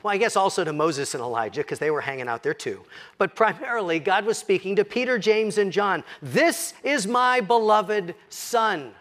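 High-voiced man preaching a sermon. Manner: expressive, slows and drops to a hush for quoted scripture. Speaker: pastor.

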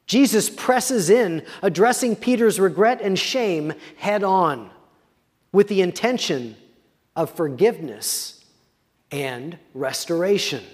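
A man preaching a sermon as a pastor, reading scripture slowly with quiet, dramatic pauses. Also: high-pitched, expressive, long reverb tail.

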